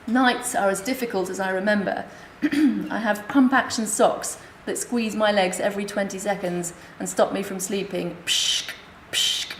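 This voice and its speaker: A woman speaking at a conference, reading her comic memoir aloud in a wry, deadpan way. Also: mid-range voice, normal speed, hardly any pauses. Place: hospital conference room. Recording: echoey lecture room, faint hiss.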